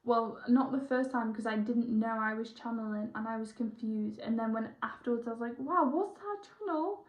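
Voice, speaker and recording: A young woman, a spiritual healer chatting excitably through a one-on-one session, rambling and correcting herself as she goes. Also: a little high, a little fast. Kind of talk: casual one-on-one session chat. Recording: roomy, dull lo-fi sound.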